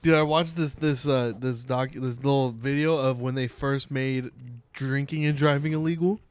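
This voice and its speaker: A man co-hosting a comedy podcast, teasing and quick to laugh in casual chat. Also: mid-range voice, fairly even intonation, clear, resonant tone. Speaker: podcast co-host.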